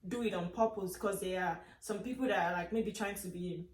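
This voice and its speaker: A woman's voice: medium pitch, a little fast. A young Nigerian woman talks casually to camera, telling stories about life abroad and acting out what others said. Her voice sounds a little distant and bounces around a roomy space. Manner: chatty, animated storytelling with acted quotes. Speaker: vlogger. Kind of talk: casual chat.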